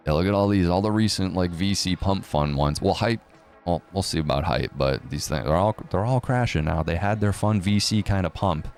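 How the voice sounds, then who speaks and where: Gravelly, deep-voiced man ranting about markets. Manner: profane, sarcastic, mocks others in put-on voices. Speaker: crypto news commentator. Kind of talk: casual rant commentary.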